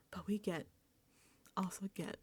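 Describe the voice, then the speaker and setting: A woman's voice: medium pitch, steady tone, takes it slowly, a little mellow, slightly rough. Exasperated woman ranting a TV recap. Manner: exasperated, rambling, swears freely. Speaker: reality TV recap vlogger. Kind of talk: casual recap commentary.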